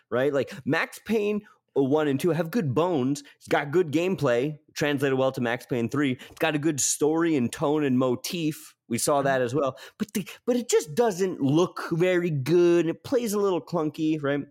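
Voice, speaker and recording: An excitable man co-hosting a casual gaming podcast. His pitch swings widely as he gets worked up, and he keeps breaking into little acted-out scenes. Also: moderate pace.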